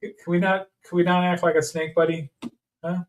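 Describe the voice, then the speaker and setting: A man's voice: sits high, level tone, normal speed, pitched above the performer's own voice, natural voice. A man doing a fed-up dad. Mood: exasperated. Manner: weary, nagging. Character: exasperated middle-aged dad scolding son. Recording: distant mic.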